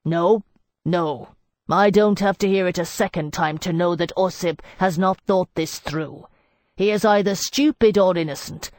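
A woman's voice: fairly low pitch, a little slow, dry recording, clean studio sound, close to an everyday voice. Woman reading an alarmed, urgent male poet. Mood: agitated. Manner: urgent and alarmed, loud bursts. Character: anxious, agitated male poet and friend. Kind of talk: audiobook character reading.

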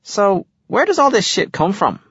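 A man's voice: high voice, sing-song, moderate pace, fairly bright tone, husky, dry recording, voice pushed up, full character voice. A man voicing a naive young lad in an audiobook, firing off eager questions. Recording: slightly dull recording.

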